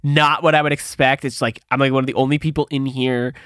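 Talking fast in a smooth, medium-pitched voice, this man co-hosts a podcast with echo-free, studio-quality sound. His casual storytelling is animated, and he acts out the quoted voices as he goes.

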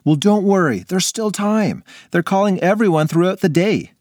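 A man voicing an eager young schoolboy who gushes with excitement. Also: high voice, normal speed, no echo, clean studio sound, voice pushed up. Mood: excited.

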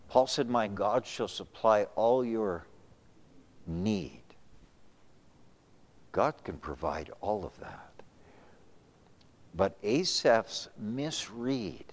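A man's voice: lowish voice, lively intonation, slow, long pauses, in a large hall. A male pastor preaching a sermon, swinging between raised emphasis and sudden whispers, often repeating words as he restarts.

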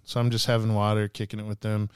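A man's voice: lowish voice, monotone, fast talker, a little mellow, smooth, no echo, clean studio sound. A young man on a podcast telling a story in casual chat, acting out the people he quotes. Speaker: podcast guest.

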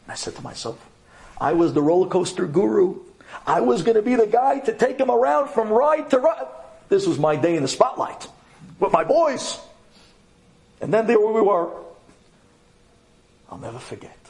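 Animated, high-voiced male storyteller. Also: vocal fry. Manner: dramatic and expressive, jumps up in pitch for emphasis, acts out dialogue. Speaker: speaker addressing an audience of women.

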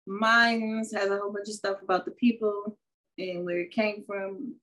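A woman's voice: mid-range voice, little pitch movement, normal speed, a bit bright. A woman co-hosting a casual podcast, chatting playfully and reading wine labels aloud. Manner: playful, sign-off announcer flourishes. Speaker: podcast co-host. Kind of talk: casual chat.

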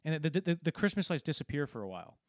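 A man's voice: on the high side, big pitch swings, racing, darkish tone, no room sound, clean studio sound. A man casually talking through a film, rambling and acting out quoted lines as he retells scenes. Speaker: podcast co-host.

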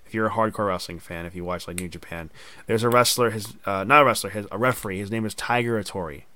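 A man's voice: on the low side, fast, pushed and bright, no echo. A man hosting a casual podcast chat, telling stories animatedly and acting out quoted voices. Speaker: podcast host.

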